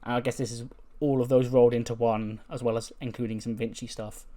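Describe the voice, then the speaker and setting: A let's-play commentator gives wry, chatty commentary while playing a wrestling management game, laughing often. He talks fast in a flat delivery, with a mid-range voice and a dark tone.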